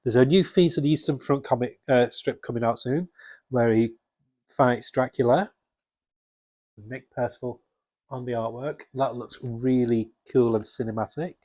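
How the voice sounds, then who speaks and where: A man with a husky voice chatting casually and enthusiastically about comics, rambling with restarts. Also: medium pitch, normal speed, warm tone, no room sound. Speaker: comics vlogger. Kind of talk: casual chat.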